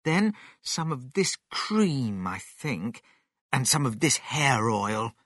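A man's voice: medium pitch, big pitch swings, takes it slowly, fairly bright tone, no echo, heavily acted. A man reading a storybook and voicing an eager young farm boy in a raised, earnest voice.

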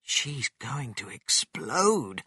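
A reader voicing a curious, eager young boy in a raised, brighter voice. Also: mid-range voice, sing-song, takes it slowly, vocal fry, breathy edge, no echo, studio quality, pitched above the performer's own voice, full character voice.

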